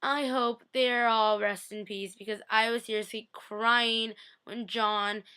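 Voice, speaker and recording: A woman's voice: on the high side, fairly even intonation, slow, pushed and bright, clean tone. A young woman recapping a TV episode for her vlog in a gushing, chatty way, full of "like" and "I was like".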